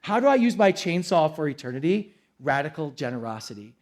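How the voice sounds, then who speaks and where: Casual preaching man, slightly high voice. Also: sing-song, brisk, hardly any pauses. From United States. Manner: casual, conversational preaching with acted-out quotes. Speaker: pastor. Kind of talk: sermon.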